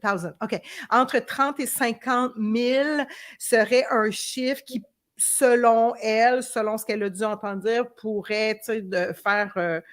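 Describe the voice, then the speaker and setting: A woman's voice: a little high, steady tone, measured pace. A woman veterinarian with a Québécois accent, hosting a casual live stream and switching between French and English, chatty and hesitant with many fillers. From Quebec.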